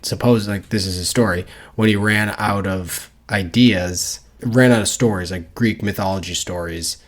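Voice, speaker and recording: A man with a very low voice chatting casually on a book-club podcast. He rambles through his thoughts, swears without a second thought and breaks into laughter now and then. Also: fairly even intonation, moderate pace. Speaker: podcast co-host.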